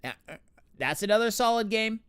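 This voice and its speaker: Animated, chatty male gamer streamer. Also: high voice, fairly quick, clean tone, no echo, clean studio sound. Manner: chatty, distracted by the game, lots of fillers. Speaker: streamer host. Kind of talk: casual chat while gaming.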